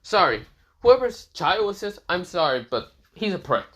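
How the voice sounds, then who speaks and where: A man's voice: sits high, big pitch swings, moderate pace, a bit bright, voice pushed up. A man voicing a brash, rude teenage boy swordsman who talks crudely and mocks people. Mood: mocking. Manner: crude, mocking, swearing.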